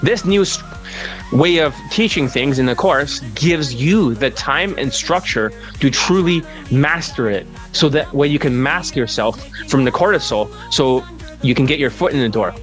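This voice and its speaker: A man's voice: mid-range voice, expressive, normal speed, a bit bright, faint music behind. Assertive salesy dating coach, man. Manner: assertive, salesy, turns into a rising rant. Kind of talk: sales pitch answering viewer questions.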